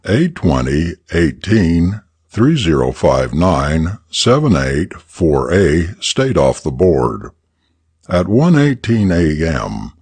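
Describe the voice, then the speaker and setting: Man, story narration, husky voice, lively intonation, dry close sound. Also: deep voice, dry recording. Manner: expressive, deliberate reading. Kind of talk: audiobook story reading for English learners.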